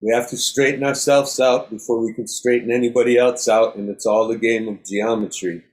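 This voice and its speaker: Calm middle-aged male yoga teacher, steady instructive cues, mid-pitched voice. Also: brisk. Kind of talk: guided breathing class.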